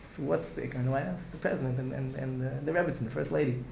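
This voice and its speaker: Casting: male rabbi, gravelly and rapid, earnest lecture style, echoey room. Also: mid-range voice, steady tone, darkish tone, slight background noise. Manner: earnest, repetitive, restarts phrases, mixes in Hebrew and Yiddish words. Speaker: rabbi giving a Torah class. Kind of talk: heartfelt Torah lecture. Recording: echoey room with faint ambience.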